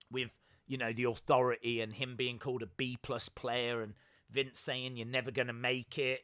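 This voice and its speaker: A man's voice: medium pitch, bright, forceful tone. A young man hosting a casual live-stream reaction chat, rambling with lots of fillers and restarts as he reads out viewer comments and thanks people.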